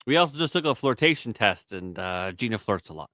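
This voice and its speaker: A man's voice: on the low side, animated, a little fast, pushed and bright, no echo. A man co-hosting a casual live-stream show, reading chat messages aloud and teasing his co-host. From Canada. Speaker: podcast co-host.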